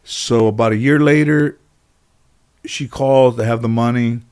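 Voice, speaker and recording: This middle-aged American man, a comedian and actor guesting on an interview, has a medium-pitched, clean, slightly mellow voice with fairly even intonation and an unhurried pace. His storytelling is rambling and anecdotal, heavy on "you know," fillers, and false starts.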